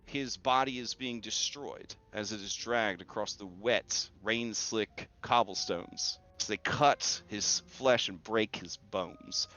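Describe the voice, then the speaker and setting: A man narrating a tabletop game as game master, telling events slowly with many fillers. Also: fairly low pitch, bright, forceful tone. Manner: slow, graphic storytelling with many fillers. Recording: dull lo-fi audio.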